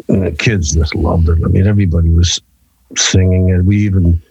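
Husky deep musician. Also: male voice, fairly even intonation, moderate pace, darkish tone, dry recording, soft background music, rough recording. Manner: rambling, chuckling, many fillers. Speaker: musician guest. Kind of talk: casual chat.

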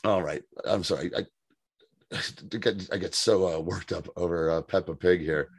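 A man's voice: low-pitched, steady tone, moderate pace, breathy edge, no echo. A man co-hosting a podcast, recapping in casual chat, rambling, swearing freely and laughing often. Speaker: podcast co-host.

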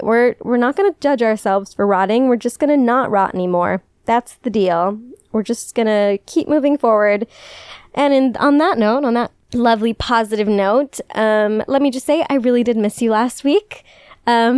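A woman's voice: fairly high pitch, moderate pace, a little mellow, clean tone, dry recording, studio quality. A young woman from the Chicago area hosting a podcast, chatting casually and confessionally, joking at her own expense and laughing often. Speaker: podcast host.

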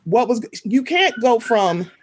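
A woman talking casually on a podcast, her voice a touch husky and fairly high. She tells her stories with big swings in pitch, slipping into other people's voices as she quotes them. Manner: animated, fast storytelling, quoting people in voices. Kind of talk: casual chat.

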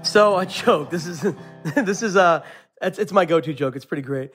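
A man's voice: sits high, moderate pace, fairly bright tone, soft background music. A man, a chef, answering interview questions casually with frequent fillers and laughs. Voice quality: laughs often, rambling with repeated fillers. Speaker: chef guest.

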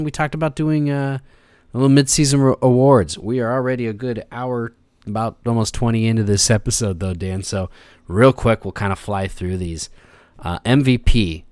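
A man's voice: on the low side, no echo, clean studio sound. A man hosting a sports podcast in easygoing casual chat, laughing often. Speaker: podcast host.

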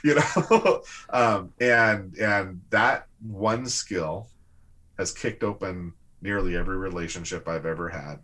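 A man, a guest on a conversational show, telling personal stories in an animated, lively way. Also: low voice. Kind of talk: casual conversational storytelling.

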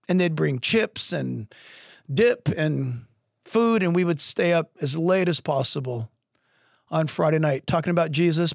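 A middle-aged man preaching a podcast sermon as pastor, telling stories with lively acted-out voices. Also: on the high side, dry recording, studio quality. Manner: animated, acts out voices in stories. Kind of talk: sermon storytelling. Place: podcast studio.

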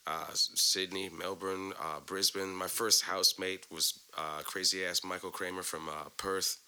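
Male podcast guest, low voice, relaxed. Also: measured pace, smooth. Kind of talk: casual podcast chat.

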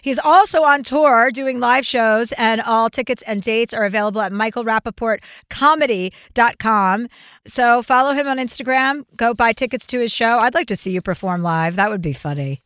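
A woman's voice: a little high, normal speed, a bit bright, smooth, no echo, studio quality. A woman in her forties hosting a podcast, a comedian talking in a blunt, profane, casual way. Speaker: podcast host. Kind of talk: casual chat.

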